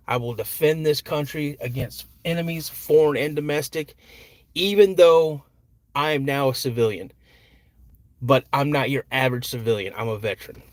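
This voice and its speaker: A man in his fifties hosting a casual morning livestream, chatting and reading viewer comments in a relaxed, rambling way with many fillers. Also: mid-range voice, no room sound. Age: 50s. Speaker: podcast host.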